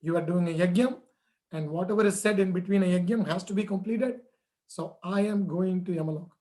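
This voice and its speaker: A man's voice: sits high, brisk, mellow, natural voice. A man voicing a pious, steadfast five-year-old boy who earnestly presses his father with questions.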